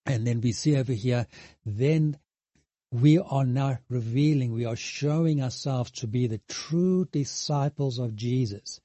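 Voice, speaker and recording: Earnest halting male preacher, dark tone. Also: medium pitch, no echo. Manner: halting, many restarts and repeated words; earnest, emphatic repetition. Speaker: pastor. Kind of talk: sermon.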